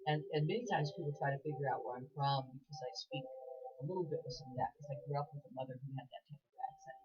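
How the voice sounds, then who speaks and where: A woman's voice: sits low, breathy edge. A woman chatting casually as co-host of a local talk show. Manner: fast, chatty and animated. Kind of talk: casual chat. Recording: dull lo-fi livestream recording.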